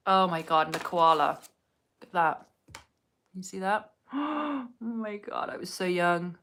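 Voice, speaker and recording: A woman's voice: fairly low pitch, measured pace, a bit bright. A woman chatting casually to viewers at home as she does her makeup, rambling from one thing to the next. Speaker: vlogger. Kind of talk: casual get-ready-with-me chat. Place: at home indoors.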